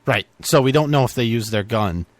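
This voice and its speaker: A man's voice: medium pitch, expressive, fairly quick, dry recording. A man co-hosting a casual political chat, teasing his partner with short wry remarks. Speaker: podcast co-host.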